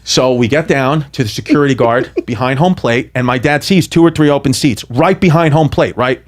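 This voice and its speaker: A man's voice: medium pitch, fairly quick. A man in his thirties from the New York area, a comedian guest telling a story animatedly, laughing and swearing as he goes. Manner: laughs through lines, heavy swearing.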